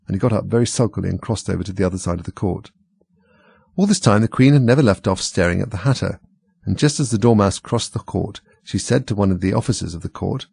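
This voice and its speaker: A man reading a storybook aloud in a steady, plain way. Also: on the low side, fast, gravelly, breathy edge, dry recording. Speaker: audiobook reader.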